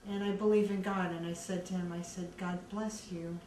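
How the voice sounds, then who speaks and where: A woman earnestly recounting her own story in a measured way, with many pauses. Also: mid-range voice, flat delivery, dark tone. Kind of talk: personal testimony. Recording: echoey room, distant mic, faint background noise.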